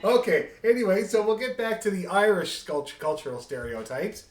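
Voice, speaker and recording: A man's voice: sits high, very animated, moderate pace, roomy sound. A man teaching a beginner fiddle class over a video call, chatty and rambling with chuckling asides. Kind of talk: online group music lesson.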